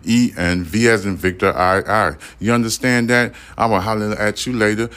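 A man's voice: fairly low pitch, steady tone, moderate pace, fairly bright tone, clear, resonant tone. A man hosting his own solo podcast, ranting heatedly and with lots of swearing, often turning to the listener to drive his point home. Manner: addresses listeners directly, repeats points. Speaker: podcast host.

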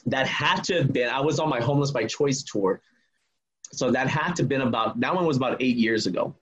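A man who travels as a public speaker, telling earnest stories in a podcast interview and acting out the dialogue with lively energy. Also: medium pitch, a little fast, breathy edge. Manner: earnest, animated retelling with quoted dialogue. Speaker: guest, touring public speaker.

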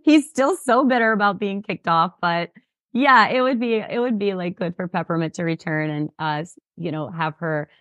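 A woman's voice: on the low side, normal speed, fairly bright tone, no echo, dull audio. A woman guest in a casual interview, talking animatedly with lots of fillers and laughs. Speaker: reality show contestant guest.

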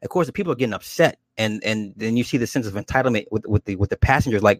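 A man's voice: fairly low pitch, rapid-fire, hardly any pauses, no room sound. Casual male host, rambling and repetitive, dry close sound. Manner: rambling, repeats words, swears. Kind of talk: casual chat.

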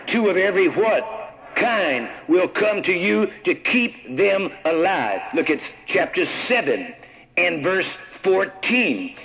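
A man with a high voice delivers a sermon, reading verses and pausing on "what?" so the congregation fills in the word. His delivery is halting at times, with repeated words and restarts. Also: a bit bright, low-quality recording. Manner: call-and-response, prompting the congregation with "what?". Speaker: preacher.

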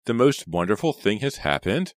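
A man reading aloud and voicing an excitable, gushing young woman in an audiobook. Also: on the low side, a little slow, no echo, clean studio sound, pitched above the performer's own voice, exaggerated voice. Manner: breathless, exclaiming.

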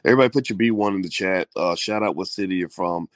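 A man's voice: low voice, quick pace, dry recording. A man hosting a casual live-stream chat with his wife, in a groggy morning voice and rambling with many fillers. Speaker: host.

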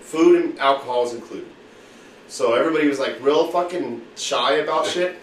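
A man's voice: mid-range voice, normal speed, far from the mic. A man telling a long, profane story to friends in a casual chat, acting out what people said. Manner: profane, boisterous storyteller who acts out quotes. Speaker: podcast host telling a story. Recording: echoey room with faint background noise, off-mic.

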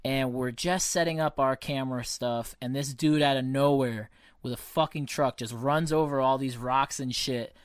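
A male podcast host in casual chat, swearing often and bringing his stories to life by voicing the people in them. His voice sits at an ordinary middle pitch. The sound is dry and close, with little room echo. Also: moderate pace, clear, resonant tone. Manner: profane, animated storyteller acting out quotes.

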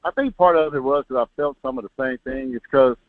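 A man calling in to a live sports stream, chatting in a quick, relaxed way. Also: mid-range voice, dry recording. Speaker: caller. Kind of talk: casual call-in chat. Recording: phone-like call audio.

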